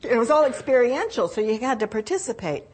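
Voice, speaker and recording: An older woman telling a personal story in a reflective, unhurried way, with restarts and lively quoted voices. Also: fairly high pitch, husky. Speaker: speaker telling her own story.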